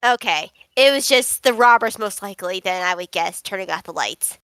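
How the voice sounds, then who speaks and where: A woman's voice: medium pitch, expressive, normal speed, fairly bright tone, smooth, dry recording. A woman playing a tabletop game over voice chat, casually narrating what her character does. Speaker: player.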